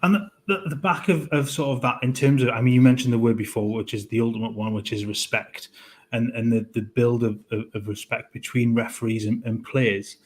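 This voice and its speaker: A man's voice: medium pitch, steady tone, a little hiss or hum. Guy hosting, asks long questions, keeps restarting mid-sentence. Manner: halting questions with many restarts. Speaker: host. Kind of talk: interviewing a guest.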